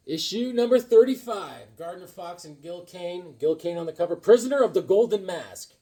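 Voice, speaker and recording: A man rambling through a casual comic book chat, dropping corny one-liners as he goes. His voice is husky and rather high, and it bounces around a lot in pitch. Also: very animated, measured pace.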